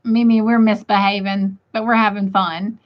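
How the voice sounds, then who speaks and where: A woman's voice: mid-range voice, little pitch movement, normal speed. A woman hosting a livestream, reading chat comments aloud and laughing often. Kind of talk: casual chat. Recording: dull lo-fi sound.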